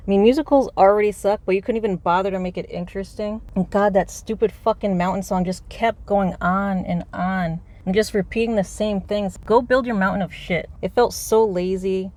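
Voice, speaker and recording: A woman's voice: mid-range voice, fairly even intonation, normal speed, hardly any pauses, a little mellow. A woman ranting about a movie from inside her car, exasperated and profane, rambling from point to point. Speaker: movie reviewer. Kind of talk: unscripted rant.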